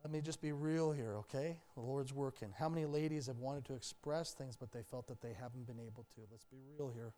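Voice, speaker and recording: A man's voice: medium pitch, a little fast, hardly any pauses, dark tone. A man preaching a sermon as pastor in a church, talking candidly and joking as he speaks directly to the congregation. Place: church sanctuary.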